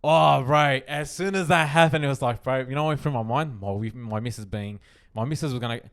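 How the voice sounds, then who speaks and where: A young man, telling a story on a podcast in an animated, swearing way. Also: medium pitch, brisk. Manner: animated, swearing, laughing often. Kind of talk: casual chat.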